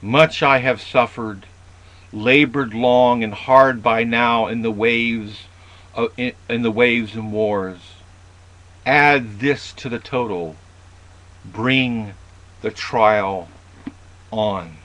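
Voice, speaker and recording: A man reading aloud, in a slow and loud declamatory way, the lines of a weary, resolute male hero answering a goddess. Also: medium pitch, low-quality recording. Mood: solemn.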